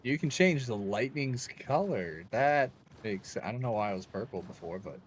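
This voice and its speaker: A man's voice: mid-range voice, lively intonation, moderate pace, a little hiss or hum. A young man streaming a game, rambling and joking with chat in a loose, crude way. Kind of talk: casual gaming stream chat.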